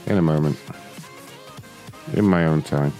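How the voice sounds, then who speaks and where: Speaking in a very deep, warm voice at a measured pace, a young prank caller laughs constantly and mocks his targets with crude talk. He also offers casual commentary, and faint music plays in the background.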